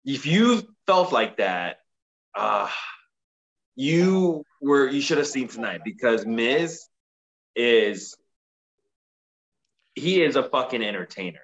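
Animated, swearing man. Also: takes it slowly, long pauses, lo-fi sound. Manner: animated, profane, acts out quotes in a high voice. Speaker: podcast co-host. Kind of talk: casual chat recapping wrestling.

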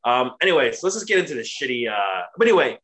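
Animated, bright-voiced man, cursing casually. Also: medium pitch, fast talker. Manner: profane, animated, mocking impressions. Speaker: wrestling podcast co-host. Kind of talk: casual chat.

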